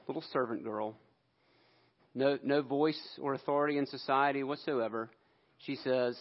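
A male preacher telling a scripture story in an animated sermon, acting out the quotes. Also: a little high, muffled recording.

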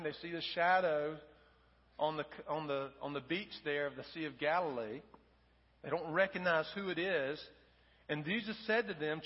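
A man's voice: on the high side, long reverb tail, highs cut off. A man preaching a sermon in a church, conversational with fillers, acting out quoted lines. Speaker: pastor. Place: church sanctuary.

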